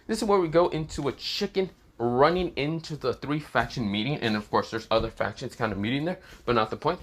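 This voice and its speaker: A man's voice: mid-range voice, animated, brisk, a bit bright. Rambling man improvising a fan story. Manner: rambling, heavy fillers and restarts. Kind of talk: improvised casual fan-fiction retelling.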